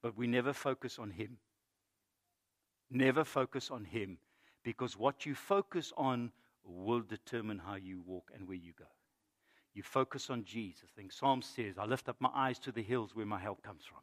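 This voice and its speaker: A middle-aged male pastor giving a sermon, moving between loud emphatic preaching and quiet storytelling. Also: on the low side, moderate pace. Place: church.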